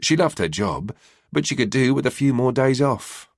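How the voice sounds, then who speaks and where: A man narrating a crime novel audiobook in a measured, expressive reading style, recorded close to the mic. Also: medium pitch, creaky, no room sound. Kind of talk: scripted narration.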